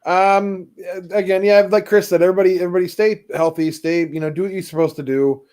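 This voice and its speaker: A man with a slightly higher voice co-hosts a sports podcast. He stumbles over his words and restarts often, and he keeps a jokey tone. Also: steady tone, fast, darkish tone, clean tone. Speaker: podcast co-host. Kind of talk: casual chat.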